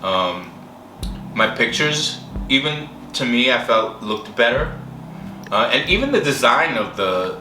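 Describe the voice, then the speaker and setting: A man candidly telling his personal story in an interview, halting and full of fillers. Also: fairly low pitch, background noise. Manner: candid, halting, with many fillers and acted quotes. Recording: roomy distant mic with music behind.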